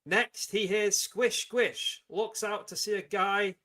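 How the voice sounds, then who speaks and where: A man's voice: sits high, steady tone, slow pace, pushed and bright. A man hosting a casual livestream, chatting, laughing often and reading viewer comments aloud. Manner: chatty, giggly, reads chat comments aloud. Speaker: livestream host. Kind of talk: casual live-chat stream.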